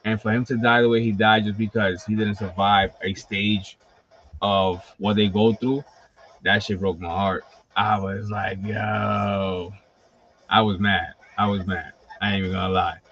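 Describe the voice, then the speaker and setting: A man hosting a livestream, talking casually in an animated, profane storytelling style full of fillers. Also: on the low side, moderate pace, a little hiss or hum. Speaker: host of a wrestling collectibles livestream. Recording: slightly dull lo-fi stream audio.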